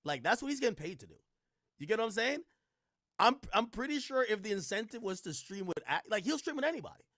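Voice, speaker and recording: A man's voice: high voice, very animated, fast, a bit bright, no room sound, clean studio sound. A man streaming casual reaction commentary, rambling and slangy with frequent restarts.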